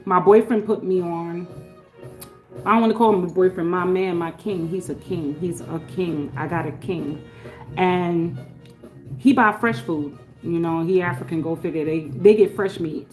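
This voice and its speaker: Chatty woman with a faint music bed. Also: fairly low pitch. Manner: blessing, chatty, swings between soft murmurs and loud laughing outbursts. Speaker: livestream host. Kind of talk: casual live-stream chat.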